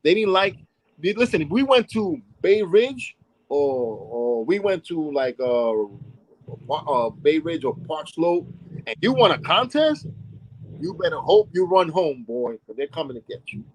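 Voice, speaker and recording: A man's voice: fairly high pitch, sing-song, unhurried, poor audio. A man with a New York accent from Brooklyn, telling old stories in an interview, acting out voices and often asking "you know what I'm saying?". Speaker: interview guest, hip hop dance pioneer. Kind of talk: storytelling interview.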